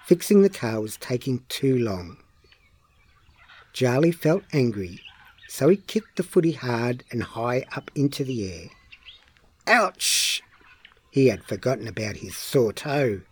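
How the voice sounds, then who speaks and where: Slow, lively male storybook reader. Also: medium pitch, slightly rough. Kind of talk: children's story read-aloud.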